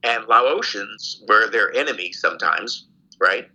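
An older man with a low, husky, very bright voice tells his story in a relaxed interview. He talks in an animated way and often breaks into laughter. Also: a little slow, poor audio. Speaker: guest, former prisoner of war.

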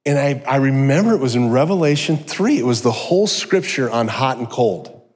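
A middle-aged man giving a personal testimony sermon, telling his story with animated energy and joking asides. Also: medium pitch, normal speed. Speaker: guest speaker. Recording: long hall reverb.

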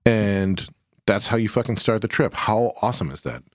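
A man's voice: lowish voice, expressive, moderate pace, dry recording, clean studio sound. A man co-hosting a casual chat, laid-back and rambling, swearing freely as he tells travel stories.

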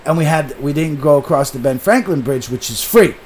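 A man's voice: a little high, lively intonation, brisk, darkish tone, slight background noise. A man telling a long story in a casual podcast chat, swearing often and animatedly acting out what people said.

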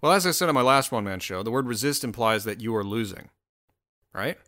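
A man's voice: medium pitch, animated, fast, pushed and bright. A man hosting his own solo show, rambling and swearing in a casual rant full of restarts. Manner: rambling, profane, self-interrupting.

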